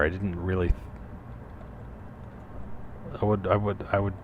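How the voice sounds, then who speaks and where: A man's voice: deep voice, flat delivery, measured pace, narrow, tinny audio, a little hiss or hum. A man giving casual, rambling gameplay commentary, cursing freely and making jokey asides.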